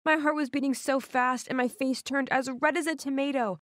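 A woman narrating a first-person animated story in a scripted, expressive way. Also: high voice, fairly quick, dry recording, clean studio sound.

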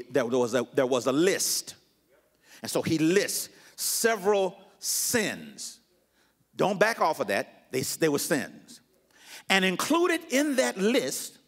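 Lively, high-pitched preaching man. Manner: teaching preacher, repeats phrases for emphasis, drops to soft low asides. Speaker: pastor. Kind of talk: sermon. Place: church sanctuary.

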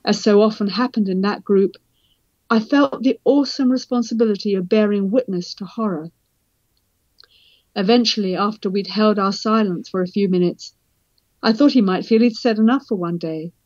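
Measured British woman reading aloud. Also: mid-range voice, darkish tone, dry recording. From Britain. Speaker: author and forensic psychiatrist. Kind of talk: reading from her book. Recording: dull, slightly lo-fi sound.

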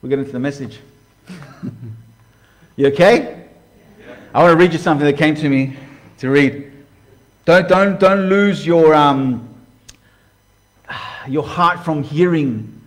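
Male preacher, tenor-ish, chatty sermon style with sudden loud and soft turns. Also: on the high side, measured pace, long pauses. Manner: conversational, asks the congregation direct questions; voice swings from hushed to loud. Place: church hall before a live congregation.

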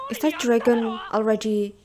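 A young woman with an Indonesian accent reacting to an anime episode, excitable, mixing English with Indonesian and breaking into gasps and cheers. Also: a little high. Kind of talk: live reaction commentary.

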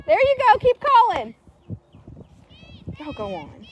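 A woman, chatting excitably to viewers while showing a horse for sale in an arena. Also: extremely high pitch, takes it slowly, pauses often, slight background noise. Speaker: horse seller. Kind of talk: casual sales chat while riding.

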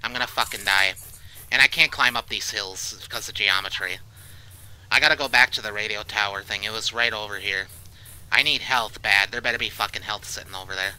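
A man giving casual let's-play commentary, jumpy and swearing, with loud reactions to scares. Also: fairly low pitch, fairly quick, clean tone, low-quality recording. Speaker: gaming YouTuber.

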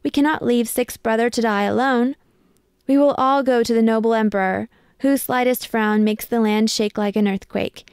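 A woman reading a picture book aloud, voicing a steady, resolute eldest brother. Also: a little high, moderate pace, clean tone, dry recording, studio quality, lightly acted.

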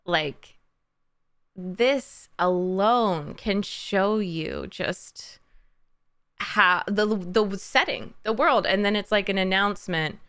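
A young adult woman hosting a casual reaction chat, gushing as an excitable fan. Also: medium pitch, slow, clean tone. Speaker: host reacting to a game trailer.

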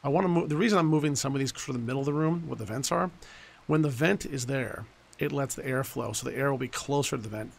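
A man's voice: mid-range voice, quick pace, creaky. A man in his forties giving casual let's-play commentary, blunt and rambling, swearing freely. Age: 40s. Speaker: gaming YouTuber.

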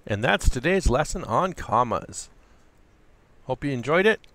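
Guy with a gravelly voice running a chatty grammar lesson, dry room sound. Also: medium pitch, big pitch swings, unhurried, a bit bright, dry recording. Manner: chatty, self-deprecating asides. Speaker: writing channel host.

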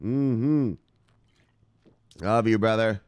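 A man hosting a crypto news show, talking in an excited, casual way, shouting catchphrases, laughing and swearing. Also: lowish voice, extremely slow, clean tone, dry recording. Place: home near the beach.

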